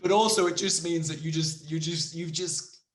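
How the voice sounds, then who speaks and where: A man's voice: fairly high pitch, steady tone, moderate pace, roomy sound. A man co-hosting a podcast, chatting casually, rambling with many restarts and some swearing. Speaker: podcast co-host. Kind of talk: casual chat.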